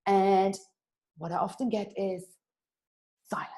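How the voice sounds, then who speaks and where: A woman's voice: mid-range voice, steady tone, slow, mellow, low-quality recording. A woman hosting a casual podcast interview, bubbly and enthusiastic, laughing easily. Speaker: podcast host.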